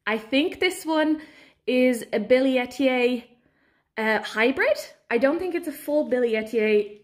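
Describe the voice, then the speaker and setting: Giddy woman in an echoey room. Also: on the high side. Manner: gushing and giddy, squealing with excitement. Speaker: plant vlogger. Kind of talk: casual unboxing vlog.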